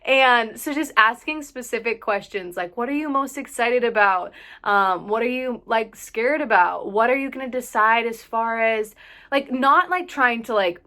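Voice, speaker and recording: A woman's voice: fairly high pitch, moderate pace, bright, forceful tone. A young woman vlogging casual advice to camera, chatty and full of "like", a little out of breath. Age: young adult. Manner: chatty, fills with "like", sighs and laughs.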